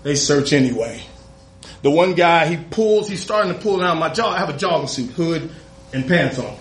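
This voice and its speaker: A man doing stand-up, telling a story with lively delivery, laughing as he goes and acting out the other people in it. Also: fairly high pitch, moderate pace, echoey room. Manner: animated, laughs through his own story, acts out other voices. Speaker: comedian.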